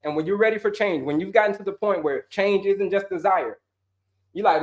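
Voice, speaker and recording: A high-voiced man hosts a live wellness stream, answering questions from the chat. He talks in an energetic, slangy way, says his points over and over and acts out voices. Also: a little fast. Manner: animated, slangy, repeats himself, acts out viewers' voices. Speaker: wellness coach hosting a livestream.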